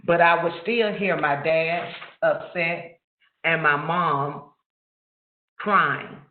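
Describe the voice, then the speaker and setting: A man slowly and reflectively telling a personal childhood story during a webinar, heard over a video call. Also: fairly high pitch, steady tone, slight background noise. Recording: echoey, phone-like call audio.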